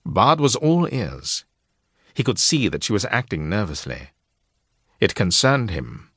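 A man reading an audiobook with measured storytelling and a lowish voice. His delivery has a lively, varied melody. The recording is close and dry. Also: slightly rough, no echo. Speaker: audiobook narrator. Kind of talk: scripted narration.

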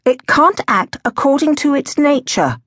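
A woman's voice: high-pitched, very animated, a little slow, fairly bright tone, dry recording, clean studio sound, voice pushed up, heavily acted. A woman narrator voicing a gloomy, fretful boy who talks solemnly.

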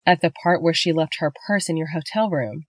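A woman's voice: low-pitched, a little fast, dry recording. A woman voicing a betrayed wife and mother who speaks in heated, angry bursts, in a dry-sounding audiobook reading. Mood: cold. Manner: heated, raising her voice in anger.

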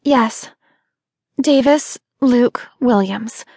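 A woman's voice: a little high, very slow, gravelly, darkish tone, dry recording, studio quality, exaggerated voice. A woman voicing an emotional young mother in labor, speaking in a strained, heartfelt way. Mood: tender.

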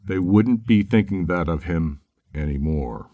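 A male audiobook narrator reading a crime story in a measured, steady way, recorded dry. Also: low-pitched, no echo. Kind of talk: scripted narration. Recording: dry close studio sound.

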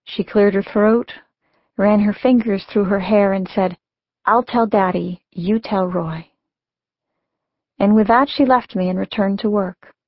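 A woman narrating her own memoir as a scripted audiobook, in a measured, reflective reading. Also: mid-range voice, dry recording. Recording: dry, dull lo-fi audiobook recording.

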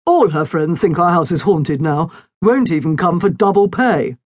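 Pompous storybook dad, prim and lecturing, played by a woman, lively delivery. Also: lowish voice, normal speed, no echo. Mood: matter-of-fact. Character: fussy middle-aged dad, pompous and cheerful.

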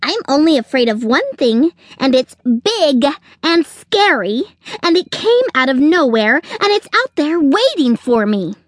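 A high, squeaky storybook squirrel, put on by a woman narrator gasps out every word in a panic. He is out of breath and jumpy, and his voice leaps around wildly. The sound is dry and close. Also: big pitch swings, unhurried, dry recording. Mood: panicky. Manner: frantic, shrieking repeats. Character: panicky jittery male squirrel.

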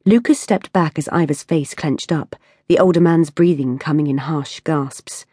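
A woman reads a novel aloud with low, husky tone and measured pacing. The sound is dry and close, with no room around it. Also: dark tone, dry recording. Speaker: audiobook narrator. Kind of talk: scripted narration.

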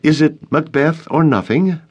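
A man reading an audiobook, voicing a sharp, fearful adult woman in a raised, insistent voice. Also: a little high, a little slow, slightly rough, dull audio, voice pushed up. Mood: urgent. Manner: insistent, snappish.

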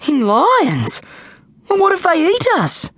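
A squeaky, timid young gladiator frets in a high, wobbling voice, as a man acts him out. He has an Australian accent, and the children's storybook reading is close and dry. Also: huge pitch swings, slow, fairly bright tone, no echo, heavily acted. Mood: alarmed.

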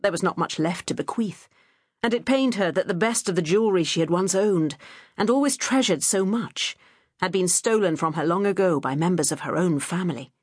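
A woman reading an audiobook novel in a measured, even narration. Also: fairly low pitch, breathy edge, dry recording, studio quality. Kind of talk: scripted narration.

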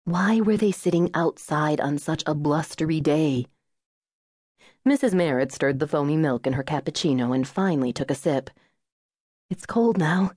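A woman narrating an audiobook in a measured, even storytelling manner, close to the mic. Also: low voice, no room sound. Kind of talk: scripted narration.

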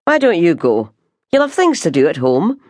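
A woman voicing a weary, patient middle-aged male baker with a Scottish accent, speaking low, calm and curt. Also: moderate pace, dry recording, clean studio sound. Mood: tired.

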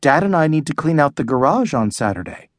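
A firm, no-nonsense mom in a children's storybook, as a man narrator puts her on. She speaks in a lively, measured way, recorded close and dry. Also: on the high side, no echo. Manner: firm, matter-of-fact. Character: firm, patient suburban mom.

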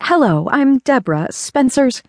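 A woman voicing a kind, gentle mother who speaks to two young girls in an audiobook. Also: high-pitched, big pitch swings, unhurried, no room sound, clean studio sound, pitched above the performer's own voice, heavily acted. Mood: kindly. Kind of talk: audiobook character voice.

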